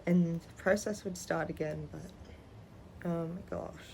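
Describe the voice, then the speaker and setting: A young adult trans man telling personal stories in a candid, rambling vlog, pausing often. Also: on the high side, steady tone, vocal fry, warm tone, a little hiss or hum, low-quality recording. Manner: candid, rambling, halting with frequent pauses. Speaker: vlogger.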